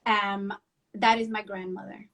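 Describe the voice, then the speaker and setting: A middle-aged woman from New Jersey, a guest telling animated stories in a casual interview and mixing in Spanish phrases. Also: medium pitch, measured pace. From Union City, New Jersey.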